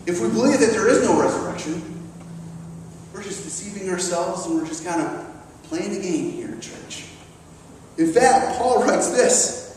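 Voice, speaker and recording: Male pastor, very high voice, emphatic sermon delivery, recorded from a distance in a big reverberant hall. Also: expressive, moderate pace, pauses often, a little mellow, a little hiss or hum. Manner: emphatic, acts out the disciples and Thomas. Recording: echoey hall recorded from far off.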